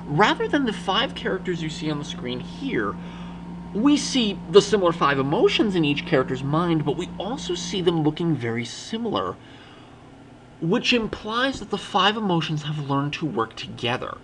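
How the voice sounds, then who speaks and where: A man's voice: a little high, very animated, moderate pace, background noise. A young man giving a casual spoken film review, rambling and often restarting or correcting himself mid-sentence.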